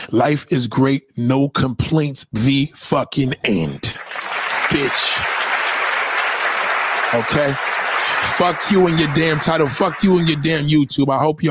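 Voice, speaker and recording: A man voicing a brash, profane woman from New nearing sixty, who rants at the viewer in a loud, boastful, rambling comic monologue. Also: mid-range voice, breathy edge. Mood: dismissive.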